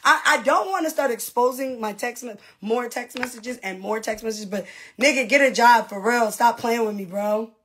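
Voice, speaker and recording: Brash husky-voiced woman ranting on a livestream. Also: fairly high pitch, a bit bright. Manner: brash, profane, mocking, quick asides. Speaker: reality TV personality livestreaming to fans. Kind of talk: casual livestream rant.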